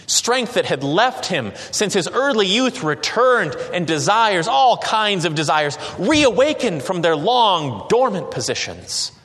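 A man narrating a story slowly and dramatically, with occasional hesitations. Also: a little high, fairly bright tone. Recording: long reverb.

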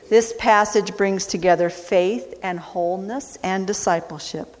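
A woman preaching a sermon, speaking deliberately and repeating phrases for emphasis. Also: mid-range voice. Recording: long hall reverb.

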